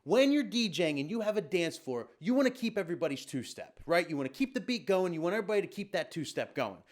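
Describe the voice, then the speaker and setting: A man's voice: sits high, sing-song, quick pace. A man who is a DJ, giving casual, blunt and emphatic tutorial advice with slangy asides.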